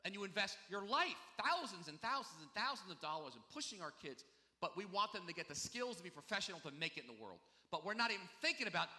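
Guy pastor preaching casual and chatty, really bright sharp voice, long echo in a big church. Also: high-pitched, very animated, quick pace. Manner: conversational and confessional, many asides. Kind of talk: sermon.

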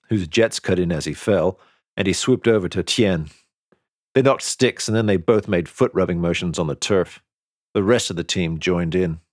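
A man narrating a science fiction story in the first person, in a steady storytelling manner. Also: low-pitched, no room sound, studio quality. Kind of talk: audiobook narration.

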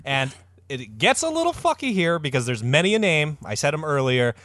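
A man's voice: fairly high pitch, very animated, brisk, fairly bright tone, dry recording. A man hosting a comedy podcast, retelling a story with mock-dramatic flair. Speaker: podcast host.

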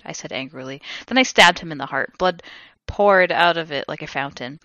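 Lady hamming up a dramatic reading for laughs, bright sharp voice, super lively. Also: on the low side, moderate pace, few pauses, no echo. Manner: reads with big theatrical shouts for the characters, breaks into laughter. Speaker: podcast co-host reading fan fiction aloud.

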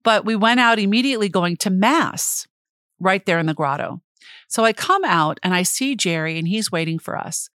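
A middle-aged woman co-hosting a podcast, telling a personal story in casual chat with an excitable, fast way of talking and frequent laughter. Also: medium pitch, no room sound, clean studio sound. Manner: laughs often while telling stories. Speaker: podcast co-host.

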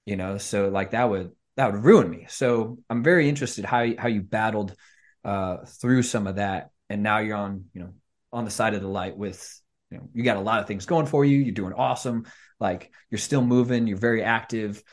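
A man's voice: lowish voice, normal speed. A man hosting a podcast, asking questions in an easygoing way while searching for words. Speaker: podcast host. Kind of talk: casual interview chat.

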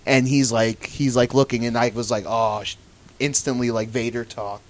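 A man in casual chat, retelling show scenes with lively acted-out quotes and some swearing. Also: mid-range voice, moderate pace.

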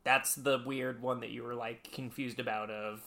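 Male podcast co-host, bright and forceful tone, casual storyteller who swears freely. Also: mid-range voice, level tone, normal speed. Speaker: podcast co-host explaining wrestling history. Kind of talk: casual chat.

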